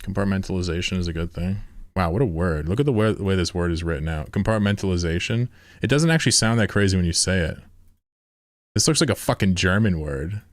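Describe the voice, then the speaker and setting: A man's voice: low-pitched, sing-song, fast, no room sound, studio quality. A man streaming a game, chatting loosely with viewers, swearing and often laughing. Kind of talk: casual live-stream chat while gaming.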